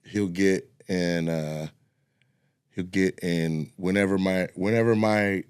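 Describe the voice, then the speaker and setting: A man's voice: low-pitched, fairly even intonation, slow, clear, resonant tone, no room sound, studio quality. A man chatting as a guest comedian on a podcast, laid-back, with a lot of fillers. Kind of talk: casual chat.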